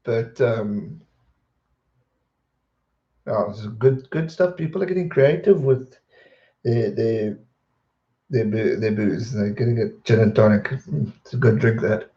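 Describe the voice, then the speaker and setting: A young man, chatting casually on a live stream and answering viewer questions in a rambling, relaxed way. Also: on the low side, measured pace, pauses often. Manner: relaxed, rambling, repeats words when distracted. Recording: dull roomy home stream audio.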